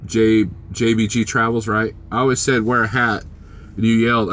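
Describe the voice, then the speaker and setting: A man's voice: on the low side, flat delivery, moderate pace, fairly bright tone, slight background noise. A man vlogging as a truck driver, casually chatting and joking with his live-stream viewers and teasing them by name.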